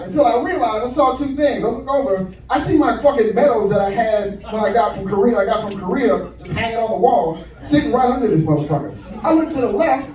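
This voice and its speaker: High-voiced profane young comic. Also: male voice, a little fast, hardly any pauses. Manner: profane, animated, conversational. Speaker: stand-up comedian. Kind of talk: stand-up storytelling. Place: comedy club stage. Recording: echoey club, far mic, crowd noise. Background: audience laughter.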